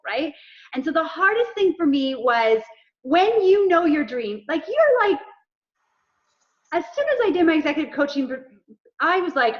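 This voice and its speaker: A woman's voice: high voice, normal speed, pauses often. A woman, an executive coach, talking in a casual interview and telling stories with acted-out dialogue. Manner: animated storyteller acting out dialogue. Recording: dull lo-fi sound.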